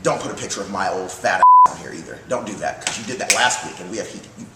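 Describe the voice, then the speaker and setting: A man's voice: deep voice, fast talker. A man co-hosting a casual comedy chat show, brash and profane, rambling through stories. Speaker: co-host. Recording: roomy, distant mic, light hiss.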